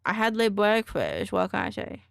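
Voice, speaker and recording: A woman's voice: medium pitch, huge pitch swings, moderate pace, vocal fry, smooth, no echo, studio quality. A woman streamer in casual live-stream chat, goofy and teasing as she talks at her desk microphone.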